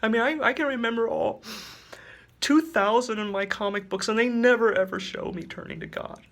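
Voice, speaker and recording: A man's voice: sits high, a little fast, gravelly, fairly bright tone, voice pushed up. A man voicing an anguished, weeping male superhero who speaks in a whiny, emotional way. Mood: plaintive.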